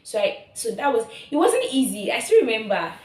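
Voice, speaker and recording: A woman's voice: a little high, big pitch swings, a little fast. A young woman in her twenties with a Nigerian accent, sharing a personal testimony on her vlog in an earnest, emotional way, often repeating herself. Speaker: vlogger. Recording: roomy echo.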